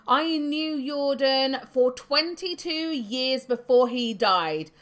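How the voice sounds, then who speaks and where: A woman's voice: sits high, animated, slow pace, fairly bright tone, full character voice. A woman doing a grungy old ex-thief. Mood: boastful. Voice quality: grungy put-on accent. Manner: boastful, reminiscing. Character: grizzled old male ex-thief, boastful storyteller.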